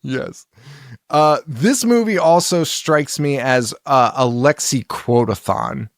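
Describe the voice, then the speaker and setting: Podcast co-host, male, unhurried, swears a lot, chuckles through his rambles, dry sound. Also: medium pitch, creaky, no echo. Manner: profane, rambling, laughs often. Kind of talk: casual chat about films.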